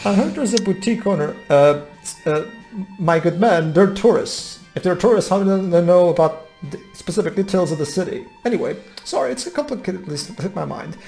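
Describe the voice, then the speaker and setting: A man's voice: sits high, lively intonation, fairly quick, vocal fry, a little mellow, faint music behind. A man giving casual, rambling commentary on a game with friends, often restarting his sentences. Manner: rambling, many restarts, playful. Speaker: let's play commentator.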